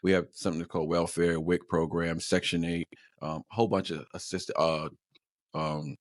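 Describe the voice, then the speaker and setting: Low-voiced rambling New man. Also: normal speed, no echo, studio quality. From Long Island, New York. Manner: rambling, repeats words, animated storytelling. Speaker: guest. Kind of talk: casual conversation.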